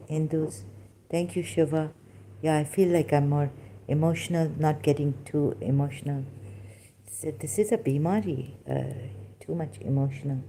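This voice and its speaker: Woman, low-pitched voice, halting delivery, emotional, switches between English and Hindi. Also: mellow, slight background noise. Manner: halting and emotional, searching for words. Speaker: ex-Muslim religious commentator. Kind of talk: emotional livestream talk answering questions.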